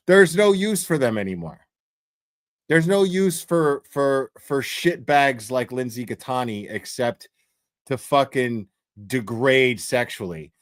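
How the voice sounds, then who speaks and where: A man's voice: fairly high pitch, dry recording, studio quality. A man hosting a commentary show, delivering a crude, profane rant with emphatic repetition. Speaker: commentary host.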